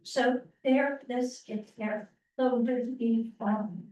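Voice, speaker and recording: A woman presenting to a town planning meeting, speaking slowly with many pauses and ums. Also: a little high, fairly even intonation, darkish tone, a little hiss or hum. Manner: slow, halting, many ums. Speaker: open space committee presenter. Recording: roomy, distant, muffled meeting audio.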